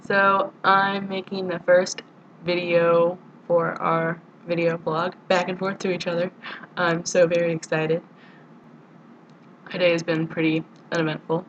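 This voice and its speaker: A woman's voice: lowish voice, highs cut off, slight background noise. A young woman from the United States, chatting casually in a rambling, giggly video diary to a friend. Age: young adult. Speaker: vlogger.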